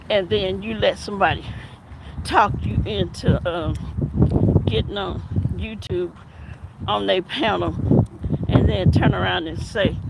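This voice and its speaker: A woman's voice: mid-range voice, gravelly. A woman and former detective giving casual commentary on an outdoor walk, her mouth numb from dental work, talking in a drawl with laughing asides. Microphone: phone. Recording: loud outdoor background noise.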